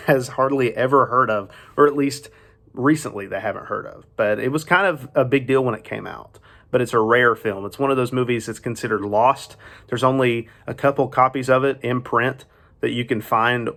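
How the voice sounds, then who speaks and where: A man's voice: medium pitch, fairly bright tone. A man hosting a film review show, presenting alone in a chatty, opinionated way with laughing asides. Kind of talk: solo presenting to camera.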